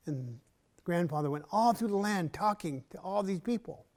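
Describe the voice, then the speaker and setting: A man performing a traditional story in an arts center, measured and unhurried, with long pauses and often dropping to a soft voice. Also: sits high, expressive.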